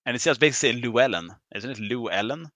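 A man hosting a podcast in casual chat, joking and quick to tease his guests. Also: mid-range voice, lively intonation, bright, forceful tone, dry recording. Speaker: podcast host.

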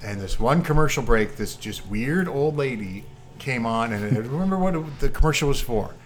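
An easygoing man hosting a podcast chat, with a voice of middling pitch. He reads listener questions aloud and spins relaxed stories between them. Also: moderate pace, faint music behind. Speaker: podcast host.

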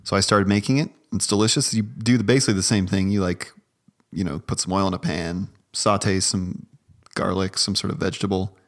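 A man's voice: low voice, fairly even intonation, brisk. A man co-hosting a podcast in casual chat, trading dry wisecracks. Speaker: podcast co-host.

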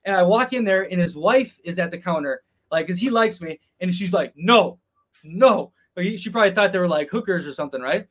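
A man with a high, light voice tells a rowdy travel story in a loose, casual way. He swears freely and puts on quick voices for the people he quotes. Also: animated, a bit bright. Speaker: podcast guest.

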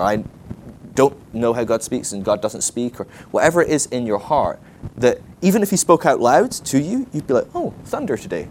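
Animated man teaching casually. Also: mid-range voice, slight background noise. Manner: lively, animated, acts out quoted voices. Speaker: ministry school teacher.

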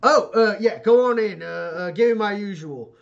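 A man's voice: a little high, big pitch swings, slow, fairly bright tone, breathy edge, dull audio, full character voice. A man voicing a tough, scarred middle-aged nomad woman who talks brash and teasing. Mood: breezy.

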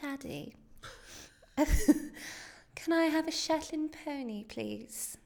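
A woman's voice: sits high, takes it slowly, creaky, pitched above the performer's own voice, full character voice. A woman putting on a posh upper-class voice as a spoiled girl begging her father. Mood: pleading.

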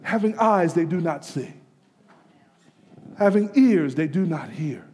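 High-voiced preacher in a reverberant hall. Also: male voice, expressive, measured pace. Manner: dramatic swings from hushed to emphatic, rising to near-shouts. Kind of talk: sermon. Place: church sanctuary. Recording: long reverb of a large hall.

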